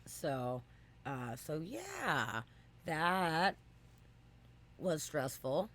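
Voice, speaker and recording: Animated, profane podcast co-host. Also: extremely slow. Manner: animated, swears freely, jumps into high exclamations. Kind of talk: casual storytelling chat.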